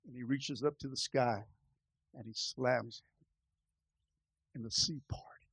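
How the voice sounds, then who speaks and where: A man's voice: medium pitch, steady tone, slow, creaky, a bit bright, breathy edge, no room sound. A male pastor preaching a sermon, calling out to the congregation and dramatically acting out biblical characters as he tells their stories. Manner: call-and-response exhortation.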